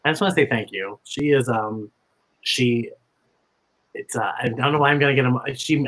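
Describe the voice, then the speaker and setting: A man guest performer in casual livestream chat, talking in an emotional, halting way with many restarts. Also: mid-range voice, fairly bright tone, low-quality recording.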